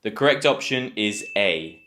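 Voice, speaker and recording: Low-voiced British man teaching pronunciation. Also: expressive, pushed and bright, slight background noise. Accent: British English. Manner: carefully enunciating, encouraging, drills words slowly. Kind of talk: scripted online lesson.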